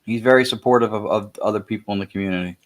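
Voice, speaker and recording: A man's voice: fairly low pitch, very fast. Enthusiastic man chatting on a paranormal show. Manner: enthusiastic, laughs often. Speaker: paranormal investigator co-host. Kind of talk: casual chat.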